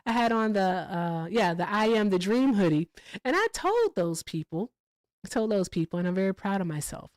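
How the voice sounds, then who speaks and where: A woman hosting a casual livestream, telling stories in a profane, animated way with sudden jumps in pitch. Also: moderate pace, no room sound, rough recording. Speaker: livestream host.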